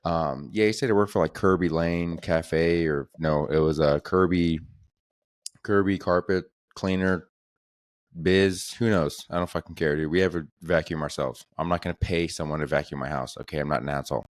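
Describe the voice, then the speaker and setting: Man, low voice, comedy podcast host, rambling profane storytelling, dry close sound. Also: normal speed, no echo.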